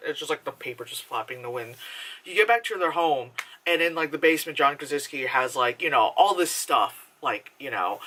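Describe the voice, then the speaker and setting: A young woman casually reviewing a film, rambling and swearing freely with lots of filler words, often laughing as she retells scenes. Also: sits low. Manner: laughs while talking, animated retelling. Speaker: movie reviewer.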